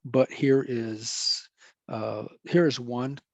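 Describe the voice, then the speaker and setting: A man's voice: medium pitch, fairly even intonation, drawn-out words, no echo. A middle-aged man, a professor, giving a casual, rambling recorded lecture and correcting himself as he goes.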